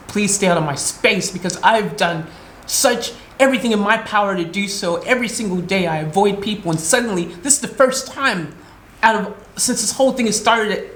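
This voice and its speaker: An American woman from the United States vlogs an upsetting story, agitated and emotional, acting out her own replies. Her voice is mid-range, and the recording has roomy echo plus a little hiss or hum.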